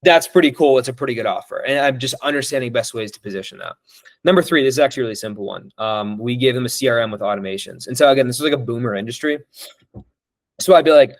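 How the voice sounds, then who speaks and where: A man's voice: medium pitch, very fast, dry recording. A young man coaching on sales in a casual monologue, acting out both sides of sales calls and using many fillers.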